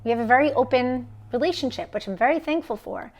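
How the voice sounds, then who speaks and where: Woman in her 30s doing a phone live stream, kinda high voice, tells it all emphatic and lively. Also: fast. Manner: animated, emphatic storytelling with quoted voices. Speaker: vlogger.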